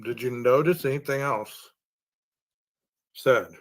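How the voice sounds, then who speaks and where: A man's voice: medium pitch, slow. A man hosting a true-crime podcast. He reasons aloud and poses long strings of rhetorical questions. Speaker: podcast host.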